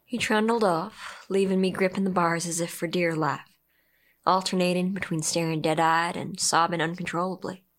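A woman's voice: fairly low pitch, fairly even intonation, normal speed. A young woman narrates her own story in the first person. She speaks with earnest, emotional conviction. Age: young adult. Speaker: narrator and protagonist.

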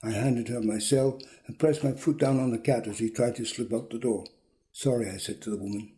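A man reading a short story aloud in a dry, deadpan manner. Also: mid-range voice, brisk. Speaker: reader.

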